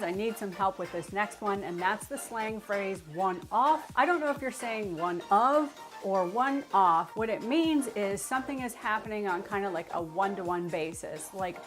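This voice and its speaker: An American woman talks to camera as a travel vlog host, in a chatty explainer style. She is playful and quick to poke fun at herself. Her voice sits mid-range, and soft music plays faintly underneath. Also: medium pitch. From United States. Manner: chatty, playful, self-deprecating. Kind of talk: scripted explainer talk to camera.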